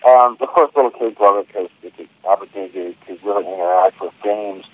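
A man in his fifties with a drawl speaks as a guest over the phone. His voice is on the low side and sounds dry, with no room echo. He explains things in an easy, friendly way. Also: fairly quick. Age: 50s. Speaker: museum curator.

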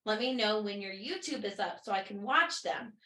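A woman's voice: medium pitch, expressive, normal speed, sharp tone, reverberant. A woman co-hosting a podcast in casual chat, telling stories in a rambling way with many fillers. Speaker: podcast co-host.

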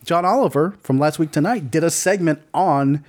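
A young man co-hosting a podcast, chatting casually in a rambling, animated way, with lots of fillers and swearing. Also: on the high side, moderate pace. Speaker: podcast co-host. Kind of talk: casual chat.

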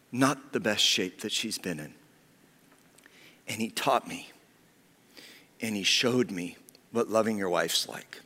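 A man preaching a sermon as pastor, heartfelt and personal, often sinking to a hushed whisper. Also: mid-range voice. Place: church sanctuary. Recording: long reverb of a church hall.

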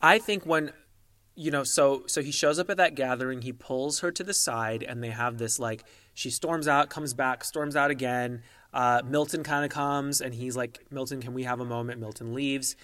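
A man co-hosting a podcast in casual gossip chat, measured and analytical, often mimicking people he quotes. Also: mid-range voice, fairly bright tone, dry recording. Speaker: podcast co-host.

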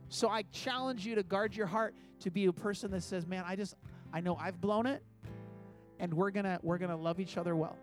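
A man's voice: high voice, fairly quick, faint music behind. A man preaching a sermon as pastor, earnest and conversational, acting out little quoted asides.

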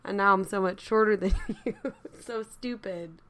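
A woman co-hosting a podcast, chatting casually and playfully about songs, quick to giggle. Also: medium pitch, a crowd in the background. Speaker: podcast co-host. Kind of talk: casual chat about music.

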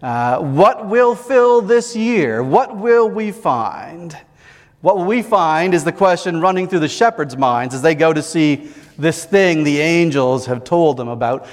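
A male pastor delivers a sermon in a measured, reflective way, leaning on deliberate pauses. His voice sits high and his delivery is unhurried. A long reverb hangs after each line, as in a large church. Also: lively intonation.

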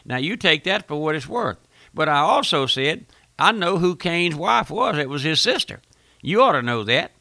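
An older radio preacher with a gravelly, forceful, fairly high-pitched voice delivers a fiery sermon at normal speed, recorded close and dry. He's very animated and folksy, repeats his phrases, and builds to forceful, emphatic bursts.

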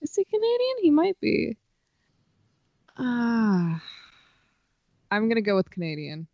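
A woman playing a quiz guesses aloud with an animated, swooping voice, second-guessing herself as she goes. Her sound is dry and a bit dull, like a lo-fi call. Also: on the high side, unhurried, gravelly, no echo. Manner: unsure, thinks aloud, animated. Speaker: quiz contestant. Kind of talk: casual chat.

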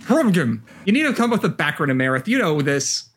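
Male podcast co-host, higher-pitched, sardonic, swears freely in casual game chat. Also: sing-song, fast, a bit bright.

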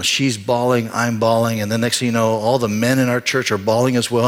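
An older man, a pastor, preaching a confessional sermon, moving from hushed, halting storytelling to loud, emphatic exhortation. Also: mid-range voice, flat delivery. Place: church sanctuary.

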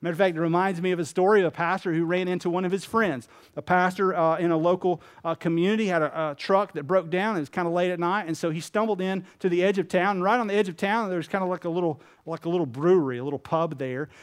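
A man's voice: high-pitched, fairly even intonation, quick pace, hardly any pauses, smooth. A man preaching a sermon as pastor, earnest and emphatic, telling stories with voiced characters.

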